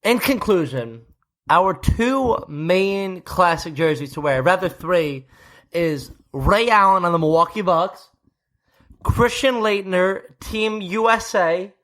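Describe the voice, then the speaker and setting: A man's voice: high voice, animated, takes it slowly, a bit bright. A young man co-hosting a podcast in casual, joking chat. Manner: playful, jokey, puts on hype voices. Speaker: podcast co-host.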